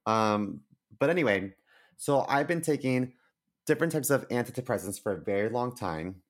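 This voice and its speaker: A man's voice: medium pitch, animated, moderate pace. A man co-hosting a podcast, chatting casually and candidly over a remote call, full of fillers and restarts. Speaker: podcast co-host. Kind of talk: casual chat.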